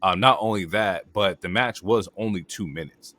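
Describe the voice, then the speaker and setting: A man's voice: low-pitched, moderate pace. A man co-hosting a casual wrestling podcast, giving blunt, profanity-laced opinions with lots of "like" and "um". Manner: profane, animated opinions with frequent fillers. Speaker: podcast co-host. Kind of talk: casual wrestling recap chat.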